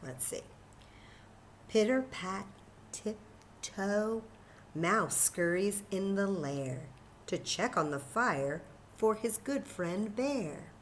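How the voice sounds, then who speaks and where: A woman librarian reading a picture book aloud at children's story time, animated and enthusiastic, talking to the kids. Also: medium pitch, very slow, slight background noise.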